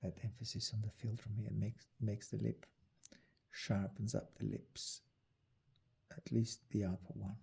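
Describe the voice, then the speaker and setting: A man's voice: lowish voice, little pitch movement, a little slow, gravelly, mellow, breathy edge. A man narrating his drawing as he works, muttering and half-whispering his steps. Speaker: artist demonstrating drawing.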